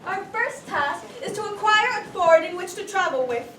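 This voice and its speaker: A woman's voice: very high voice, animated, moderate pace, bright, forceful tone, slight background noise. A woman performing a comic quest sketch in a grandiose, mock-heroic declaiming manner. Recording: roomy, from a distance.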